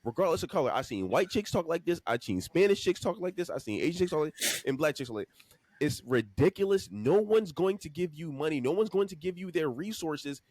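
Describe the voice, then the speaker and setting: A man's voice: fairly high pitch, a little fast, dry recording. A man co-hosting a podcast, talking in casual slang and acting out hypothetical exchanges. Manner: animated slangy talk, acts out hypotheticals. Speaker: podcast co-host.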